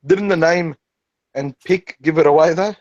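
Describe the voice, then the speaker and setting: A man's voice: on the high side, moderate pace, a little mellow, muffled recording. A man taunting someone in an online voice chat, needling her with repeated jibes. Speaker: voice chat room participant. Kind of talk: mocking online voice chat banter.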